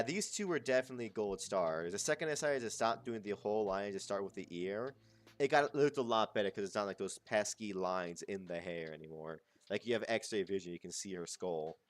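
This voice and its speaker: A man chatting casually to his stream as he draws, rambling, muttering and swearing. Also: mid-range voice. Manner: rambling, muttering to himself, crude slang. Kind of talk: casual chat while drawing.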